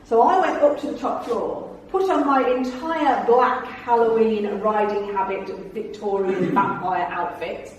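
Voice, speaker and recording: A woman's voice: on the high side, a little slow, hardly any pauses, a little mellow, a little hiss or hum. Echoey far-off woman storyteller. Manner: chatty, theatrical storyteller who laughs often. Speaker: guest speaker, former tour guide. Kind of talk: humorous anecdotal talk to a club audience. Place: club meeting room. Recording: very echoey room, voice far from mic.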